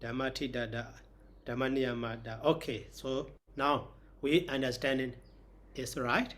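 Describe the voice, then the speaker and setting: A man's voice: mid-range voice, fairly even intonation, a little slow, fairly bright tone. A man, a monk teacher giving a grammar lesson and explaining it step by step.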